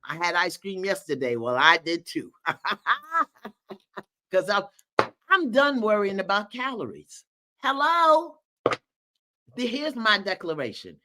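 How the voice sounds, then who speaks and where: A woman hosts a live community call from her countryside home, reading comments aloud in a folksy, preacherly manner. Her voice is bright and ringing, and her pitch leaps up and drops low. She laughs freely and keeps cheering her listeners on. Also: slow pace, long pauses. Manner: animated, laughing, folksy and preacherly, calls out encouragement. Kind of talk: lively live-stream talk, reading viewer comments aloud.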